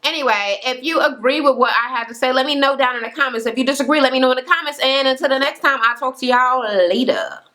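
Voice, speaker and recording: A woman's voice: high voice, fast talker, few pauses, a bit bright. A young woman casually recapping a reality show in a chatty, gossipy way, full of fillers and swearing.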